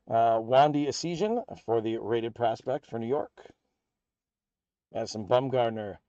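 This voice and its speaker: A man with an American accent hosts a live card break and rattles off the player and team for each pull in an upbeat, running patter. His voice is mellow and a little dull in tone. It sounds close and dry, with no room around it. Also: mid-range voice, no echo.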